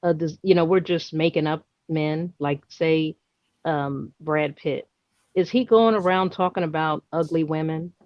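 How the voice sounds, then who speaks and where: A woman's voice: low-pitched, measured pace, dry recording. A woman with a New York accent in casual chat, talking emphatically and repeating words when she gets going. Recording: dull lo-fi sound.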